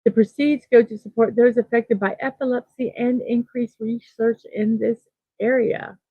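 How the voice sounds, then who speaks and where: A woman's voice: a little high, fairly even intonation, normal speed, breathy edge, dry recording. Chatty woman host on a tinny line. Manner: chatty and upbeat, with frequent fillers. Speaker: host of a daily morning livestream show. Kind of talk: casual chat reading viewer comments. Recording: tinny phone-like sound, dry.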